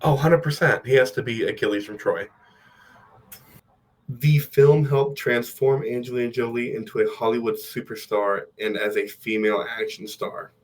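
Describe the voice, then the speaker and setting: A man's voice: medium pitch, steady tone, normal speed, low-quality recording. A man co-hosting a casual movie podcast, joking and teasing, with some profanity. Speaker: podcast co-host.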